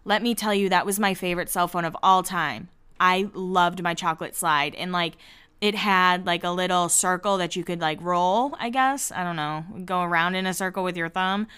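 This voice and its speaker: A woman in her thirties hosting a podcast, recapping a TV episode in casual chat, full of "like" and quick asides. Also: lowish voice, a bit bright, clear, resonant tone. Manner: chatty, peppered with "like", quick asides. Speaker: podcast host recapping a TV show.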